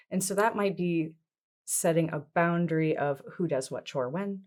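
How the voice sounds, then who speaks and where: A woman from Canada, a therapist guest on a podcast, explaining things calmly with strings of questions. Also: lowish voice, moderate pace. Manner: explains steps with strings of questions, calm and instructive. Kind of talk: podcast conversation.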